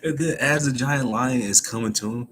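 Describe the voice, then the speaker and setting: A man giving a casual, animated recap of a comic chapter, laughing often as he retells it. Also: mid-range voice, normal speed, slight background noise. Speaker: manga chapter reviewer.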